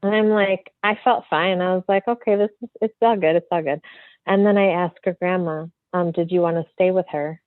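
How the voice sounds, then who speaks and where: A woman medium, a podcast guest, telling a story in a free-flowing, animated way full of fillers. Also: on the low side, a little fast, dry recording. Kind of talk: casual storytelling in an interview. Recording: tinny phone-like line, dry.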